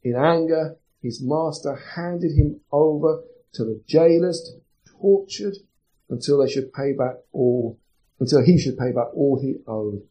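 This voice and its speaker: A man's voice: fairly high pitch, a little slow, warm tone, rough recording. A man preaching a sermon as pastor, chatty and putting questions to the congregation. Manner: conversational, asks the congregation questions.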